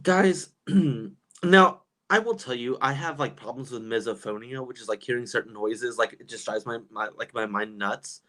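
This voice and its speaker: Animated guy in his 30s doing a live chat stream, lots of "like" and laughing. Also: mid-range voice, moderate pace. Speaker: livestream host reading chat. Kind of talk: casual chat.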